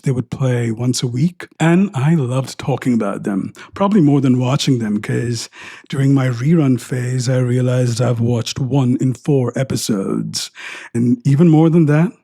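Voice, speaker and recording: A man's voice: mid-range voice, dark tone, husky, no room sound, clean studio sound. A middle-aged man from India, hosting a podcast, giving a reflective personal monologue with wry jokes and frequent tangents. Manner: wry, joking and prone to tangents. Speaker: podcast host.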